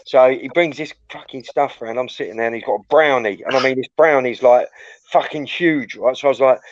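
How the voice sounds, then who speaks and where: A man's voice: mid-range voice, a little fast, no echo, dull audio. A man hosting a livestream, telling a crude, rambling anecdote full of swearing. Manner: crude, swearing, storytelling, animated. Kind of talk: casual chat, rambling anecdote.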